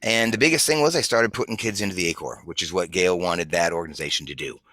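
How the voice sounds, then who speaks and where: A man being interviewed as a guest, calmly recounting his career in a reflective, steady way. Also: deep voice, quick pace, no room sound. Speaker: interview guest, corps director. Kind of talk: casual interview chat.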